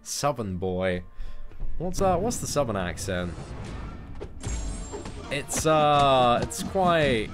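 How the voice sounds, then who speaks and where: A man's voice: mid-range voice, big pitch swings, slow pace, long pauses, music in the background. A young man with an English accent, chatting casually on a live stream and answering viewers' questions off the cuff. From England. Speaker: gaming streamer.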